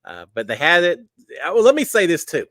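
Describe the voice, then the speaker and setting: A man's voice: a little high, huge pitch swings, brisk, fairly bright tone, dry recording. A middle-aged man, hosting a casual live stream and greeting viewers one by one in a folksy way. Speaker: live show host. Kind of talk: casual livestream chat.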